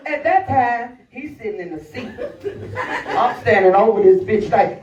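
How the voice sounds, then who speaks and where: A woman's voice: on the high side, expressive, normal speed, a little mellow. A woman doing stand-up storytelling, brash and profane, talking straight to the crowd from a live comedy venue. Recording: echoey, distant, dull live recording.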